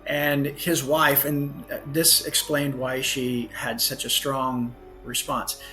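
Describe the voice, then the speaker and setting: A man's voice: medium pitch, level tone, takes it slowly, pushed and bright, faint music behind. A man, a guest author on a podcast, telling a story earnestly and often correcting himself mid-sentence. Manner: earnest anecdote telling with frequent self-corrections.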